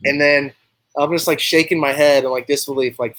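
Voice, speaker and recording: A man's voice: a little high, brisk, fairly bright tone, a little hiss or hum. A young man, a baseball player guest, rambling through a casual story and acting out both sides of conversations in quotes. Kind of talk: casual storytelling on a live talk show.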